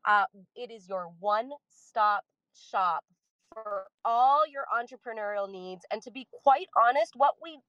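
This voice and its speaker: A woman's voice: fairly high pitch, a bit bright, no echo, lo-fi sound. A woman hosting an online audio room, making upbeat promotional announcements and moderating. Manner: upbeat, encouraging, salesy.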